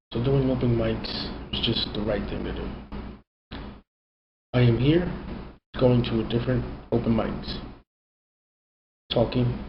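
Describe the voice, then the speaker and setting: A man calmly narrating a documentary voice-over in a matter-of-fact way. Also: medium pitch. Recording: roomy, dull recording with background noise.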